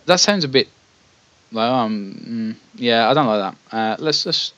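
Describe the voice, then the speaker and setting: A man's voice: mid-range voice, expressive, a little slow, a bit bright, dry recording. Man, let's play commentary, reads story text aloud, hesitant asides, slightly dull recording. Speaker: gamer playing a text adventure.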